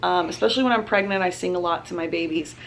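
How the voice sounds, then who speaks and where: A woman's voice: on the low side, fast talker, gravelly, a little hiss or hum. A young woman, chatting casually to camera as a mom vlogger and laughing often.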